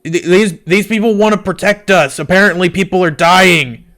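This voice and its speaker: Jumpy, stammering dwarf man, higher and brighter, as a game master puts him on. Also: normal speed. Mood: flustered. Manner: flustered, stammering. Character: nervous, jumpy male dwarf carter.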